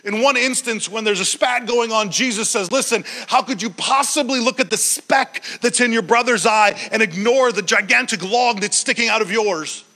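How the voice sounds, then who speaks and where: Male preacher, high and bright voice, animated sermon storytelling. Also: moderate pace, hardly any pauses, rough recording. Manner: animated storytelling, acting out quoted lines; occasional stumbles and restarts.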